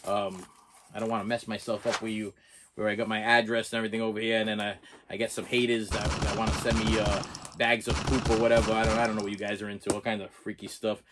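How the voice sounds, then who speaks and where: A man's voice: lowish voice, level tone, quick pace, noisy background. A middle-aged man rambling and joking through a casual unboxing chat, repeating himself as he goes. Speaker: movie collector vlogger.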